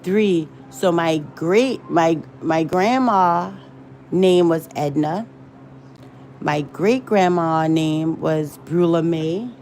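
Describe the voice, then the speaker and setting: A woman's voice: deep voice, takes it slowly, darkish tone, a little hiss or hum. A woman rambling and searching for words in a casual livestream chat. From American South. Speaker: livestream host.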